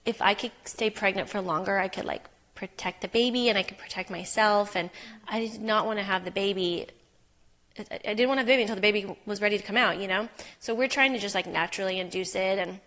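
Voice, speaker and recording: A woman's voice: medium pitch, a bit bright. Young woman, podcast guest, candid, heartfelt, chatty storytelling. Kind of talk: personal story in casual interview.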